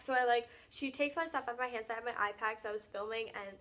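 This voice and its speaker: A young woman telling a story to camera in a casual vlog, rushing through it with lots of "like". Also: a little high, a bit bright. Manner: rapid, filler-heavy retelling with lots of "like". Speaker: vlogger.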